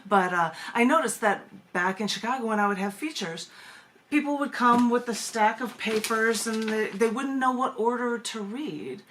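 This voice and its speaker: A woman's voice: a little high, moderate pace, fairly bright tone, a little hiss or hum. A woman poet and performance artist being interviewed over a video call. She chats casually, laughs often and restarts her phrases, then reads her poetry aloud.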